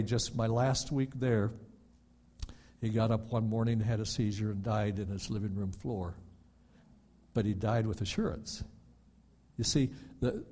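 An older man preaching a sermon as a pastor, rising loud and then dropping soft and low, often stammering on repeated words.

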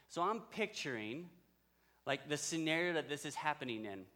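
A man's voice: fairly high pitch, lively intonation, moderate pace, sharp tone. A man preaching a sermon, retelling a story in a conversational way and speaking directly to the men in his audience. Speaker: pastor.

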